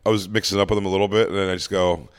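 A comedian in his thirties co-hosts a chat-show podcast, speaking very fast in a smooth, low-pitched voice. He tells stories animatedly, acting out the other voices in quoted exchanges and laughing often during the casual chat.

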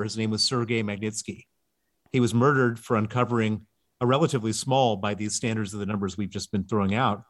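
A man speaking as an author guest in an interview, explaining emphatically and stressing key words. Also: lowish voice. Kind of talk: interview answers.

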